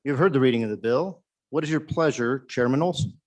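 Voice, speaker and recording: A man presiding over a legislative session, calling votes in measured, formulaic phrases. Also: medium pitch, darkish tone. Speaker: presiding chairman. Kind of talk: procedural chairing. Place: legislative chamber.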